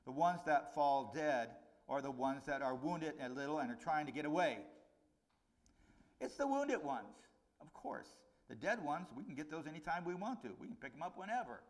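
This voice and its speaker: A middle-aged man preaching a conversational sermon, his voice rising on key points and dropping low on warnings. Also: sing-song, moderate pace. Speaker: pastor.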